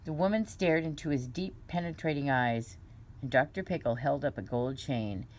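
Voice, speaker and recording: A woman reading a children's book aloud in an unhurried, gentle way, with small slips and restarts. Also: very deep voice. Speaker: reader.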